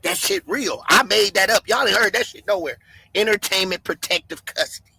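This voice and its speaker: A man hosting a livestream, ranting loudly and excitably, swinging between shouts and mutters and laughing often. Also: sits high, brisk, creaky, husky, no room sound, low-quality recording. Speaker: livestream host. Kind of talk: animated livestream rant.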